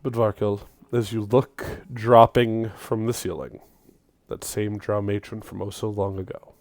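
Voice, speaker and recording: A man's voice: on the low side, level tone, a little slow, darkish tone, no echo. A man narrating a tabletop game as game master, with joking asides to players.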